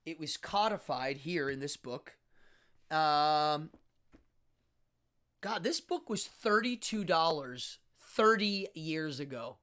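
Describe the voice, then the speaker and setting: A host in their fifties delivers a casual solo monologue on a live stream, speaking slowly in an animated, medium-pitched voice with a fairly bright tone. The style is demonstrative and teacherly, acting out sounds, enunciating carefully and stretching words for emphasis.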